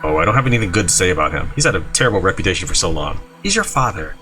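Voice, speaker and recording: A man's voice: low voice, very fast, soft background music. A man playing a video game and reading its dialogue aloud, jumping between voices and asides. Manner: animated, jumps between character voices and asides. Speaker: gaming YouTuber.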